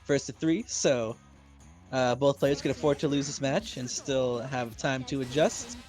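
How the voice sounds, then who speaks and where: A man's voice: mid-range voice, expressive, a little slow, a little mellow, soft background music. A man doing play-by-play commentary on a fighting game tournament, breaking down plays analytically and speeding up when he explains. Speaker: esports commentator.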